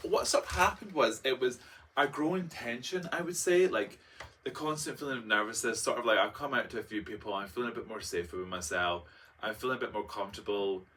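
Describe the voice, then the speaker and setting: A young man tells a personal story in a chatty, dramatic vlog style, packed with fillers and acted-out quotes. His fairly low voice has a sharp tone, sits a bit far from the mic, and comes with a little hiss or hum.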